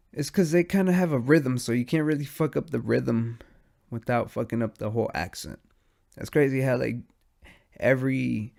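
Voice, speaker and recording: A young man hosting a podcast alone, high and sleepy, rambling in casual, profane slang. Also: gravelly, darkish tone. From United States. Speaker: podcast host. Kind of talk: casual stoned monologue.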